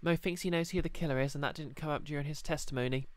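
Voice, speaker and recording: A man's voice: a little high, fairly even intonation, fast talker. A man streaming a video game, making wry, dry asides between lines. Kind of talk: casual game commentary.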